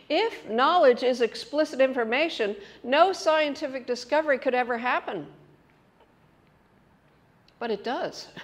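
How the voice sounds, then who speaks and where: A middle-aged woman giving a conference talk, telling lively personal stories and breaking into laughter as she explains an idea. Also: mid-range voice. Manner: animated storytelling with laughs and loud acted quotes. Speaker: conference speaker. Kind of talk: storytelling lecture.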